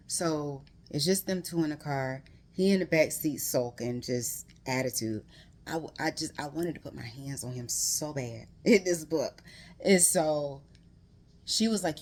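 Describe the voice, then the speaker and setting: Brief: woman, 30s, low-pitched, casual book recap, heated emphatic delivery. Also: animated, measured pace. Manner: emphatic, heated storytelling that rises in pitch when worked up; conversational, addresses viewers directly. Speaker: book reviewer.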